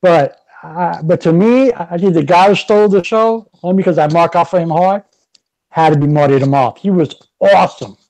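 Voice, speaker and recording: A man co-hosting a casual wrestling chat, excitable, often stammering and repeating words. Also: sits high, a little fast, poor audio. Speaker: podcast co-host.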